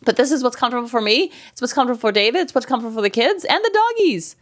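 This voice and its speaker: A woman's voice: expressive, rapid-fire. Chatty upbeat woman podcast host. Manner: chatty, upbeat, acts out quotes in lower voice. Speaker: podcast host, counselor and life coach. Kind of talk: casual chat.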